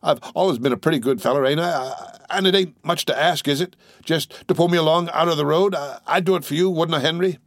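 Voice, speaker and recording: A man's voice: mid-range voice, brisk, dry recording, clean studio sound, natural voice. A man voicing a badly wounded young soldier who pleads in a stammering rural drawl. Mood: frightened pleading.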